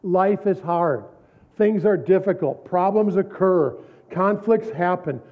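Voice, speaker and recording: A man's voice: high-pitched, slow pace. A middle-aged man preaching a sermon, telling stories from his own life with repeated, emphatic phrases and frequent laughs. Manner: storytelling, repetitive emphatic phrasing, laughs often. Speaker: pastor. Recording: tinny phone-like recording.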